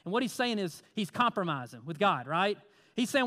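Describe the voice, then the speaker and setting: A man's voice: high voice, big pitch swings, normal speed, a bit bright. A man preaching a sermon in a conversational way, asking the congregation questions and reading scripture aloud. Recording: long hall reverb.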